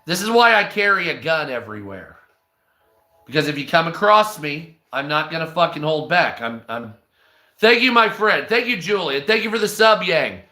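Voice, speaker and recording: A man's voice: a little high, sing-song, normal speed, sharp tone. A man on a livestream, delivering a crude, heavily profane rant and thanking viewers mid-sentence. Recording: echoey room.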